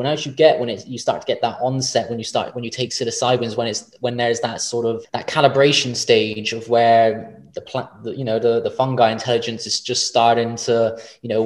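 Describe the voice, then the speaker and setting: A man, a podcast guest telling a personal story in a casual, rambling way, swearing often and correcting himself mid-sentence. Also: mid-range voice.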